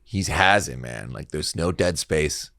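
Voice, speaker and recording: A young man with a deep voice chats casually as a comedian guest, his pitch leaping around as he tells stories and slips into voices. He sounds a little tipsy and laughs often. The studio mic is close and dry. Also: measured pace, gravelly, no echo. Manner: laughs often, animated storytelling with put-on voices. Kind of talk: casual podcast chat. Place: podcast studio.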